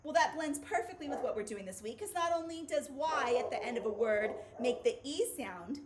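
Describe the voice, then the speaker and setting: A woman's voice: high-pitched, slight background noise. A woman teacher giving a children's phonics video lesson in an upbeat, playful way.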